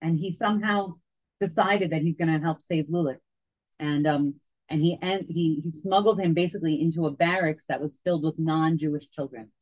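A woman telling a story to a group, halting and full of fillers and restarts, as a tour guide. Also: low voice, steady tone, darkish tone. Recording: dull lo-fi recording.

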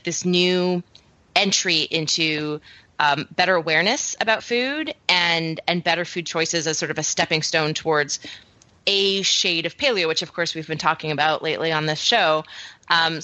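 A woman's voice: fairly low pitch, expressive, moderate pace, sharp tone, no echo, dull audio. A woman from Canada co-hosting a podcast, enthusiastic and rambling with lots of fillers. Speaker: podcast co-host. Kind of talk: casual podcast chat.

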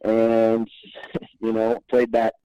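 A man's voice: fairly low pitch, monotone, drawn-out words, clear, resonant tone, dry recording, dull audio. A man guesting on a podcast, telling stories in a laid-back, rambling way and chuckling often. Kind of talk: casual podcast storytelling.

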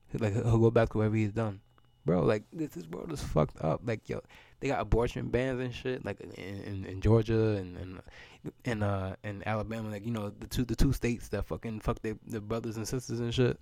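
A man's voice: on the low side, brisk, creaky, mellow, no echo. A man, hosting a solo podcast and ranting in a loose, profane, rambling way, often repeating words as he goes. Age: 30s. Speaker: podcast host.

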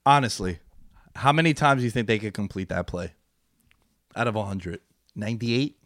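An animated young man talking sports in a casual chat, his voice jumping from loud excited bursts down to low mutters. He sits close to a dry podcast mic, with no room sound around him. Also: moderate pace, dry recording.

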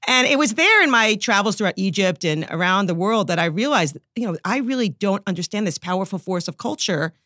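A middle-aged woman with a New York accent, a psychology professor answering interview questions as an animated storyteller who laughs easily. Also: medium pitch, fairly quick, hardly any pauses, dry recording, studio quality.

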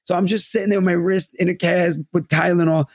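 A young man co-hosting a podcast, telling a story in casual chat, animated and swearing freely. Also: high-pitched, fast talker, no echo, clean studio sound. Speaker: podcast co-host. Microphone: studio mic close up.

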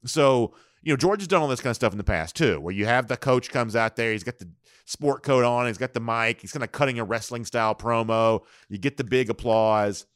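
A man hosting a sports talk show, talking in an animated, conversational way. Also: medium pitch, brisk, no room sound, studio quality. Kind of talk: casual sports talk commentary.

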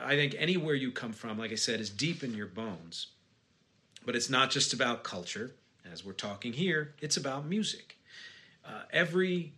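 A podcast host with a slight Philadelphia accent muses aloud on his own, pausing on fillers and restarting his sentences. His voice is bright and forward, and he speaks into a studio mic. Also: mid-range voice. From Philadelphia area. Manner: reflective, musing, many fillers and restarts. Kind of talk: solo podcast monologue.

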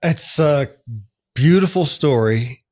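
A man's voice: fairly high pitch, lively intonation, slow, darkish tone. A man hosting a podcast interview, responding appreciatively and repeating a quote for emphasis. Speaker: podcast host. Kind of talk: casual interview.

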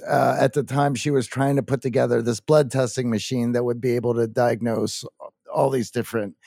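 A man co-hosting a podcast, talking haltingly with many "uh" pauses. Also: medium pitch, level tone, gravelly, warm tone, no echo, studio quality. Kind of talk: conversational commentary.

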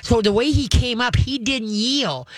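A woman hosting a call-in pet radio show, telling stories and giving dog training advice in an animated, chatty way. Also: on the high side, unhurried, dry recording. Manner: animated, chatty storytelling with acted-out voices.

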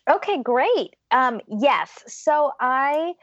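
A woman's voice: high-pitched, animated, very slow, fairly bright tone, dry recording, muffled recording. A woman from the US state of Georgia, a podcast guest, talking reflectively about her childhood and laughing often. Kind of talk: casual interview conversation.

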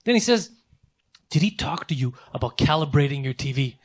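A man in casual chat, telling an animated, profane story and acting out angry exchanges. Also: a little high, fairly quick.

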